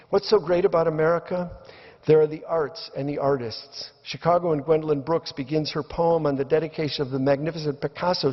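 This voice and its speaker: A man's voice: fairly high pitch, gravelly, breathy edge. An older man giving reflective opening remarks in a debate, storytelling as he goes. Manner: reflective, storytelling delivery with acted quotes. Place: lecture hall. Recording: dull lo-fi recording in a reverberant hall.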